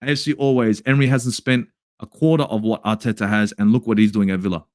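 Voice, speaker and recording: Reviewing a match and fielding live chat, an angry Australian man hosting a fan channel swears a lot and alternates shouts with low grumbles. The intonation stays fairly even, the pace is fast, and the sound is clean studio audio without room noise.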